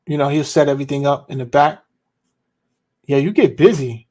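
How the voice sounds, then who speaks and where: A man hosting a podcast livestream, talking in a relaxed, casual, slangy way. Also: on the high side, moderate pace. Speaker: podcast host.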